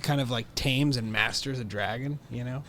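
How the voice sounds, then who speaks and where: A young man co-hosting a film podcast, talking in a relaxed, agreeable way with hesitant phrasing. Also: mid-range voice, moderate pace, a little hiss or hum. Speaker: podcast co-host. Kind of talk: casual chat.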